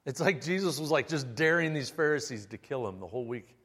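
Animated preacher man in a reverberant hall. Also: mid-range voice, fast talker. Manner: casual storytelling, animated and humorous. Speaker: pastor. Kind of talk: sermon.

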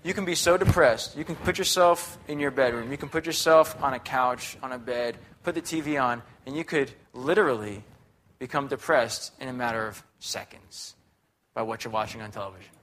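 With a brisk pace and a fairly bright, mid-range voice, a young guest preacher keeps his sermon chatty and upbeat, regularly checking in with the congregation.

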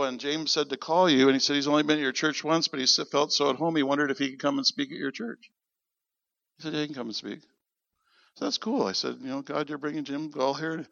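Male preacher, gravelly and forceful, animated storytelling sermon, dry lo-fi recording. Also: mid-range voice, no room sound. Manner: animated, acts out quoted dialogue. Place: church. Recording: dull lo-fi sound.

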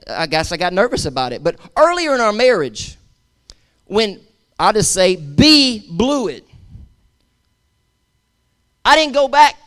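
The voice of this preaching pastor sits high, with a clean and fairly bright tone. He sermonizes emphatically, repeating words for emphasis, exchanging call-and-response with the congregation, and making offhand asides.

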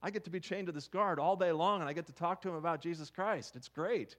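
A man's voice: fast talker, natural voice. A man voicing an overjoyed apostle in chains, speaking in exclamations with gleeful delight during a sermon. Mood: elated. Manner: exclaiming, gleeful, high and loud.

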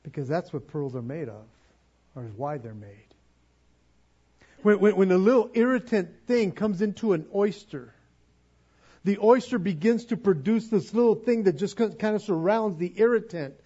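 A man delivers a sermon in an easy, conversational way and acts out little asides. His voice sits high and sounds husky. The recording is dull and lo-fi. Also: animated, normal speed, warm tone. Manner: conversational, with acted-out asides and repetitions. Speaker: preacher.

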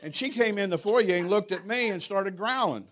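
A middle-aged man preaches in a fairly high voice. He tells stories in a folksy, humorous, animated way, speaking as the pastor of his church. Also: normal speed. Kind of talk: sermon with storytelling.

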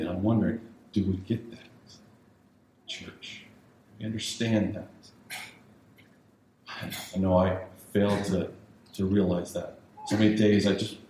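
Male pastor, low-ish voice, emphatic sermon delivery, very reverberant sanctuary. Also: a little mellow. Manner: emphatic preaching with repetition, rising to raised urgency. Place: church sanctuary. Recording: very echoey church with faint hiss.

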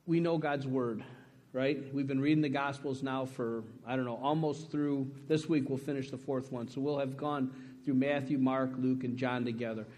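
A man's voice: mid-range voice, steady tone, moderate pace, darkish tone. A man preaching a sermon to his congregation, emphatic and conversational, often checking in with "right?". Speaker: pastor.

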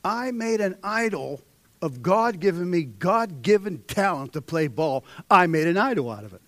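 A young man delivers a fervent sermon in a fairly high voice. He drops to a hush, then climbs into loud, ringing exhortation. The sound is dry and close. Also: very animated, moderate pace, no echo. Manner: swings between hushed intensity and loud, rising exhortation. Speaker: preacher.

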